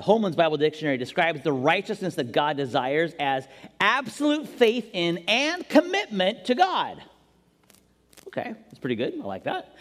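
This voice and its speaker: A man preaching a sermon as pastor, animated and jokey, acting out quotes as he goes. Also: on the high side. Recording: long reverb in a large hall.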